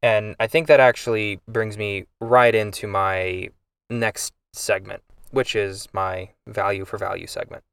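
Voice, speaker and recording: A man's voice: on the low side, steady tone, a little slow, creaky, a bit bright, smooth, no echo, far from the mic. A man hosting a podcast, telling an emotional family story in a rambling, casual way with many restarts. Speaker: podcast host.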